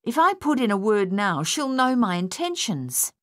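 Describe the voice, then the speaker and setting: A woman's voice: medium pitch, sing-song, moderate pace, dry recording, clean studio sound, voice pushed up, natural voice. A woman reading an earnest, sceptical young country man in an audiobook.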